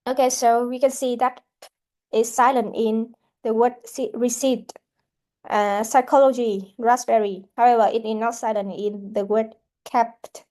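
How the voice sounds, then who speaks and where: A woman English teacher going through an answer key in a halting way, with frequent restarts. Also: on the high side, steady tone, warm tone. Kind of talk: classroom answer-key walkthrough.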